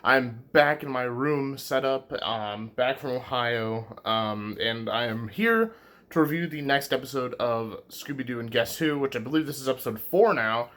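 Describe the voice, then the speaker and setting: A man of middle pitch gives a loose, chatty review from his bedroom. He wanders between thoughts, leans on "um" and "like", and often stops to fix what he just said. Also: moderate pace, fairly bright tone. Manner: rambling, many fillers and self-corrections. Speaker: YouTube reviewer. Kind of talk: casual review talk.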